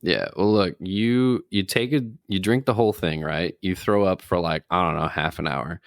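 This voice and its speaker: A man's voice: low-pitched, moderate pace, gravelly, dry recording, clean studio sound. A man co-hosting a casual chat, telling an anecdote and laughing often. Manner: storytelling, laughs often, acts out voices in anecdotes. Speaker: podcast co-host.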